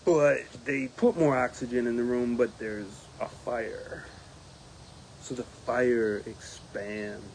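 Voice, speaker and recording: A man who is a union steward, giving a casual spoken report, animated and laughing often, mimicking others in a raised voice. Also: mid-range voice, takes it slowly, a little hiss or hum.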